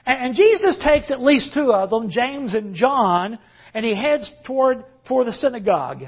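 A man's voice: very high-pitched, very animated, normal speed, slightly rough, muffled recording. A man preaching a sermon as pastor, emphatic and leading the congregation in call-and-response.

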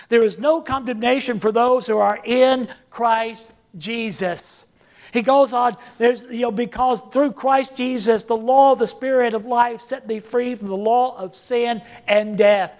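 A preacher taking a slow, measured pace through a sermon, with a mid-range voice. Key phrases come round again and again for emphasis. The listeners are regularly asked to repeat lines and answer back. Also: medium pitch, a little mellow.

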